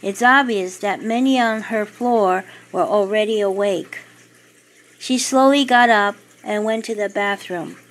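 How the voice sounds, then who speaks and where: A woman narrating her own short story in an even, steady reading voice. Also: medium pitch, low-quality recording. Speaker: author and narrator.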